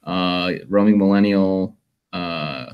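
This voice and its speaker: Young guy talking slow and easygoing, lots of uhs, stream guest. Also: low voice, steady tone, clean tone, muffled recording. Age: young adult. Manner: easygoing, hesitant with fillers. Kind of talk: casual self-introduction.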